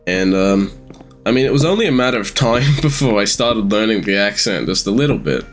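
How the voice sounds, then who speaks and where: An eighteen-year-old Australian man rambling through casual gameplay commentary with halting ums, sounding sleepy. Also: lowish voice, animated, faint music behind. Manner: rambling, halting, many ums, sometimes swears. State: sleepy, yawning. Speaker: gamer streamer.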